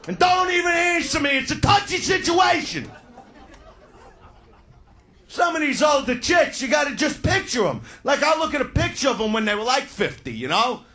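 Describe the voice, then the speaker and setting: A man doing crude, loud stand-up comedy, shouting his punchlines. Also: very high voice, big pitch swings, normal speed, a faint crowd. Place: comedy stage before a live audience.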